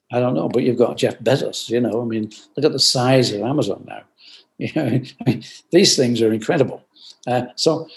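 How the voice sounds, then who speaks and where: An older man talks over a video call, thoughtful and earnest. He circles back to his points with repeated phrases and lets his voice sink into soft, quiet asides. His pitch sits in an ordinary middle range. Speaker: guest, company founder.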